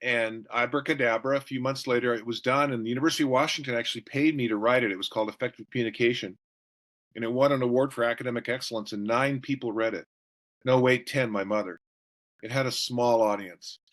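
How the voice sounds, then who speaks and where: A middle-aged or older man, a guest author, telling stories in an interview with quick jokes and voices acted out for the people he quotes. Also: mid-range voice. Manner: jokey, animated storyteller who acts out quotes. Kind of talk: storytelling interview answers.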